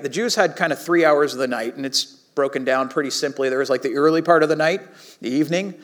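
High-voiced man preaching casually. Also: fast talker. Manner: casual, conversational preaching with animated asides. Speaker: pastor. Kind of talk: sermon.

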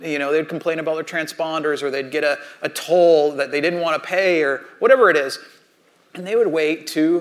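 Male speaker, high-pitched, rambling storyteller, uses personal anecdotes to make a motivational point. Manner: chatty storytelling, many "like" and "you know" asides. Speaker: speaker addressing an audience.

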